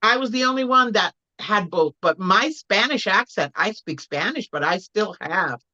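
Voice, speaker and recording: Bright sharp-toned woman chatting away as a guest, kinda dull lo-fi sound. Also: mid-range voice, animated, normal speed. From Puerto Rico. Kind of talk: casual chat.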